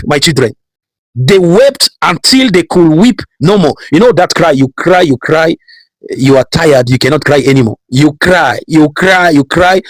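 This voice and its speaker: Guy preaching a sermon, husky kinda high voice, repeats lines over and over, dry close sound. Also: no echo, low-quality recording. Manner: preaching with repetition and rising emphasis. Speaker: pastor.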